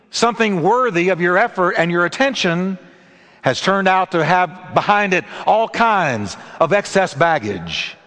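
A man preaching a sermon and telling stories, emphatic with dramatic pauses. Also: a little high, fairly bright tone, in a large hall. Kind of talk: sermon with storytelling.

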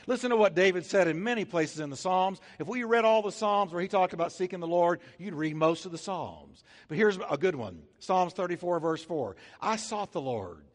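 A male pastor with a high voice delivers an emphatic sermon in a reverberant hall, swinging suddenly between loud and soft. He acts out little scenes using comic voices.

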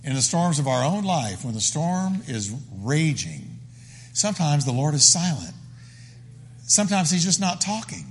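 A man's voice: fairly high pitch, big pitch swings, measured pace, breathy edge, long reverb tail. A man preaching a sermon as the pastor, emphatic and full of repeated phrases.

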